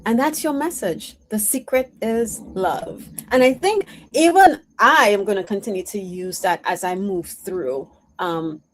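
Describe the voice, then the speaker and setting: A woman's voice: mid-range voice, normal speed, few pauses, a little hiss or hum. A woman working as an intuitive medium, sharing spiritual messages in a reflective, earnest way.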